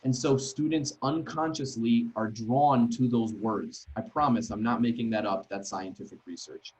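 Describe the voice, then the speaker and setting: A man training teachers in an online workshop, talking in a conversational, emphatic way and tagging sentences with quick questions to the group. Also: medium pitch, darkish tone, rough recording. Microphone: video call.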